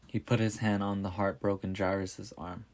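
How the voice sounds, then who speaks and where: A man reading a storybook narration in a calm, measured way. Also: fairly low pitch.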